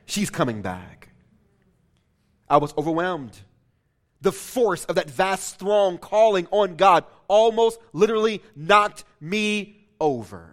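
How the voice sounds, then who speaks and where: High-voiced impassioned male preacher. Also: slow. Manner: impassioned, emphatic storytelling. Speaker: pastor. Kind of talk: sermon with a story read aloud.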